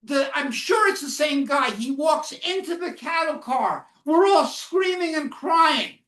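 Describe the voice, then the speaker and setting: A woman with a high voice speaks slowly and solemnly, giving a first-person survival testimony to a live group of students. She keeps drawing listeners in with questions. Her voice is picked up from a distance in a reverberant room. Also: expressive, fairly bright tone. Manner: questions the audience often and waits for answers; slow, solemn storytelling. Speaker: Holocaust educator speaking to students. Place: classroom or lecture hall. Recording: echoey room, mic far off.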